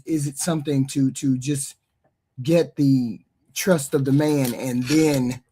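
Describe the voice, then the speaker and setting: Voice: medium pitch, a little mellow. A commentator reacting to a clip in casual commentary, musing aloud and trailing off.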